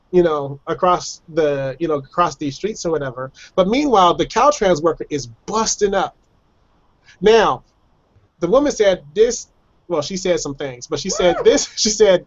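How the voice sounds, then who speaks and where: Brief: fairly high-pitched male guest, chatty storyteller who laughs a lot, muffled video call sound. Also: animated, a little slow. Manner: chatty, laughs often, acts out voices of others. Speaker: guest telling personal stories. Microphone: video call microphone.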